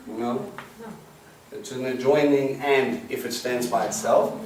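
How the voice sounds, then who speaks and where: A man's voice: medium pitch, steady tone, slow, a little mellow. A man teaching a Bible study to a small group, explaining Hebrew words and quizzing the class. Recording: roomy, distant mic with faint hiss.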